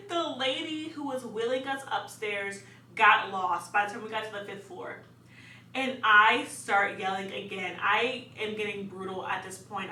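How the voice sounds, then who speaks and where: Animated young woman, bright echoey voice. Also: medium pitch. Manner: animated, laughing often, dramatic. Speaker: vlogger. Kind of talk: casual storytelling. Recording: echoey room, distant mic, faint hum.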